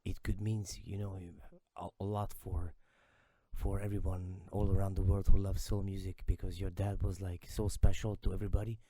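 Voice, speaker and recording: A man's voice: low-pitched, flat delivery, normal speed, warm tone, no room sound. A man from Hungary hosting an interview, speaking hesitantly as he searches for words. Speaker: interview host. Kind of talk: casual interview.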